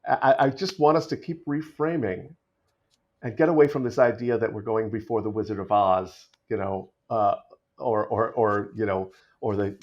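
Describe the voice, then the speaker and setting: A man's voice: on the low side, moderate pace. American man with a dull lo-fi sound. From United States. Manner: animated storyteller with frequent restarts. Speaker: guest actor. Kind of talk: casual podcast conversation. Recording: dull lo-fi remote audio.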